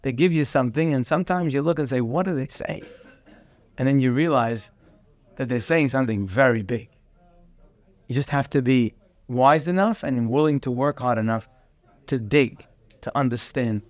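A man's voice: medium pitch, moderate pace, no room sound. A man teaching a daily Torah class, acting out bits of dialogue and mixing in Hebrew terms. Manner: animated, acts out dialogue, mixes in Hebrew terms.

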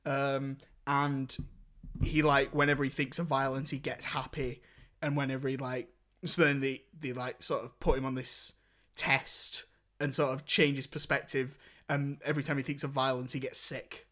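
A man's voice: medium pitch, little pitch movement, moderate pace, a bit bright. A young man hosting a podcast in casual, rambling chat. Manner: rambling, chatty, laughs while retelling scenes. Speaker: podcast host.

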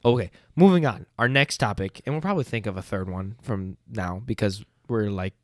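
Animated young man, laughing storyteller. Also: on the low side, brisk, dry recording, studio quality. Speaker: podcast co-host. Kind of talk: casual chat. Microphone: podcast mic.

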